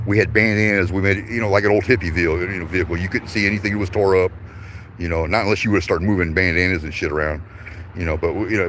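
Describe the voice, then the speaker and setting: A man's voice: sits low, a bit bright, a little hiss or hum. A man telling a long casual story, rambling and profane, chuckling between lines. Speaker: vlogger.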